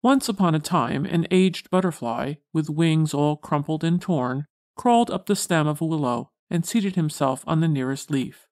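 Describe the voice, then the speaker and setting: A woman's voice: deep voice, darkish tone. Woman reading an old storybook. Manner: measured, formal reading. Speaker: audiobook narrator. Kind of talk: scripted narration.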